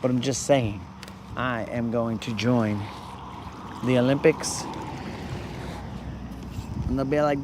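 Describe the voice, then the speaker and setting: A man's voice: mid-range voice, takes it slowly, pauses often, noisy background. A man hosting a fishing livestream, joking and rambling in slangy casual chat from a boat outdoors.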